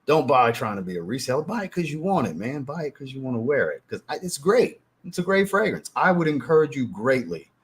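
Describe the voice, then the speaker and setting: A man hosting a fragrance livestream, chatting casually, telling profane, animated stories and reading out chat messages. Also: mid-range voice, a little fast, hardly any pauses. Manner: animated, profane storytelling, reads chat aloud. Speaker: livestream host.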